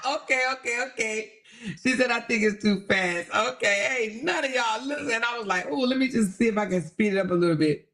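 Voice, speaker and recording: A woman hosting her own livestream with a high voice. She talks casually, reads viewer comments aloud and breaks into drawn-out exclamations. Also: fairly bright tone. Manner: chatty, laughing, drawn-out exclamations. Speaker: livestream host.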